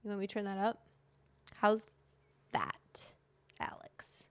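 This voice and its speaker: A woman's voice: mid-range voice, wildly swooping pitch, takes it slowly. A woman hosting a casual livestream from home, apologizing and talking to herself while she sets up her desk mic. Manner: flustered, apologetic, talks to herself while fixing gear. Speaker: livestream host. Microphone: desk microphone.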